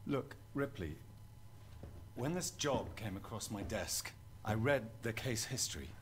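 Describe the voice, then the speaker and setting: An actor with a Hollywood-style British accent playing a measured, persuasive corporate agent in a video game, heard over noisy game audio. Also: male voice, fairly low pitch, expressive. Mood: calm. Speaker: game character.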